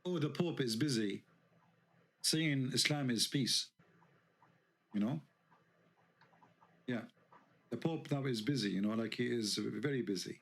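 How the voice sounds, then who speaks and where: Heated guy w/ tinged ranting on his online show, keeps firing questions, mid-pitch voice. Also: unhurried, creaky, long pauses. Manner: heated, indignant, rhetorical questions. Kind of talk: live online debate talk.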